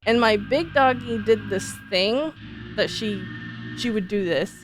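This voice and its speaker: A woman streamer telling stories in casual, animated chat, full of fillers like "like". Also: mid-range voice, measured pace, faint music behind. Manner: animated, chatty, many fillers like "like". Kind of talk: casual live-stream storytelling.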